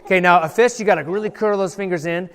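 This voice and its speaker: A male pastor telling a Bible story to children in a playful, animated way, asking the kids questions and acting out voices. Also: high voice, fast talker, clean tone. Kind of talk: lively children's sermon with audience participation. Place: large church hall. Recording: long church hall reverb.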